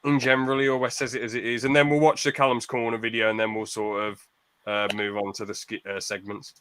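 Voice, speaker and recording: Young British male podcast host; blunt, ranty, tense bright voice. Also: medium pitch, little pitch movement, fast, clean tone. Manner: blunt, ranting, swears freely. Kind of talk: casual chat.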